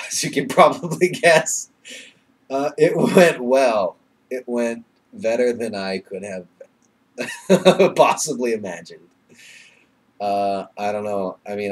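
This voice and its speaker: Rambling, swearing young man on a webcam. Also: fairly low pitch. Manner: rambling, heavy swearing, many fillers; nervous and emotional, laughing between phrases. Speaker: vlogger. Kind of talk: casual webcam vlog.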